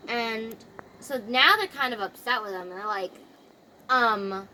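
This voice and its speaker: A woman retells a scripture story in loose, slangy chat with plenty of fillers. Her voice is high and bright, with a faint hum of background noise. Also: unhurried. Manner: chatty, slangy, filler-heavy.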